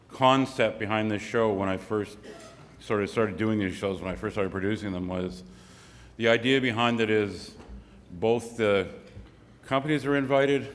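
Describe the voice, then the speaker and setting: A man organizing an investor conference, giving a casual talk with lots of restarts and rambling phrasing. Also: lowish voice. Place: conference hall. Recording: echoey hall reverb.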